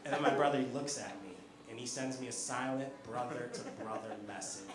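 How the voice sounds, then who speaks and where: A male stand-up comedian telling family stories in an animated way, laughing at his own jokes, on a comedy club stage. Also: mid-range voice, a little fast. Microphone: handheld stage microphone. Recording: echoey club with loud crowd.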